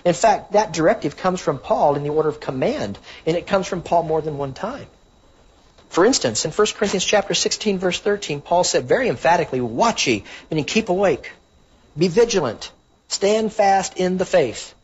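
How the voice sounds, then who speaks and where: A man's voice: sits high, expressive, fairly quick, breathy edge. A man preaching a sermon, earnestly teaching from the Bible and citing chapter and verse. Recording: dull lo-fi recording.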